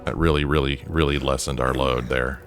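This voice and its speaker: Deep-voiced chatty man playing a game. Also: steady tone, fairly quick, over music. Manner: chatty, joking, reads dialogue aloud. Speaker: let's play host. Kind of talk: casual gameplay commentary.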